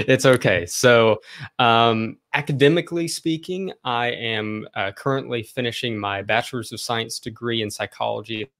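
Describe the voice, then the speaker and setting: A man's voice: medium pitch, unhurried, a bit bright. A man in his twenties, a podcast guest, explaining himself in a friendly, earnest way at length. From American South. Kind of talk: casual interview chat.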